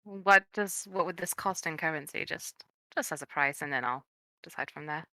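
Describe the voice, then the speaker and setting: A woman's voice: deep voice, moderate pace, sharp tone, dry recording. A woman player speaking hesitantly with many ums, in character at a tabletop game. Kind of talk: tabletop role-play in character.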